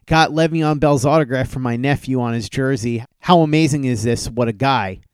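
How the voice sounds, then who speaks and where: A man's voice: mid-range voice, moderate pace, smooth, no room sound. A man hosting a podcast, telling a story casually and acting out the exchanges he quotes with a livelier voice. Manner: animated retelling, acts out quoted texts with raised voice. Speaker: podcast host.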